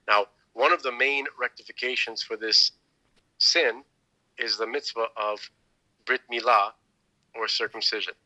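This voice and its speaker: Bright-voiced man hosting a podcast. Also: medium pitch, steady tone, a little slow, pauses often, low-quality recording. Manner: rambling, many restarts and "like"s. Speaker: podcast host. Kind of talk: casual religious discussion.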